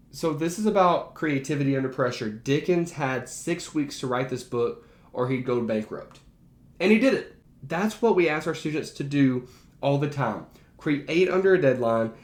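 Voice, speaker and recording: A man's voice: on the high side, lively intonation, measured pace. A man who works as a teacher, ranking favorite movies in a casual, enthusiastic and emphatic way. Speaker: teacher and behavior analyst. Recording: roomy echo.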